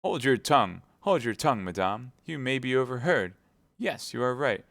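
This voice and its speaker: A man's voice: medium pitch, animated, normal speed, creaky, fairly bright tone, no room sound, pitched above the performer's own voice. A man reading aloud, playing a cowardly, greedy fifty-year-old merchant who talks pompously. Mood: flustered.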